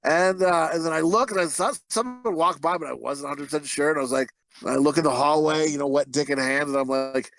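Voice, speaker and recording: A young man co-hosting a crude movie review podcast, telling stories in a profane, animated way and acting out quotes. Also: a little high, a little fast, poor audio. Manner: animated storyteller, profane, breaks into laughter, acts out quotes. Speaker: podcast co-host.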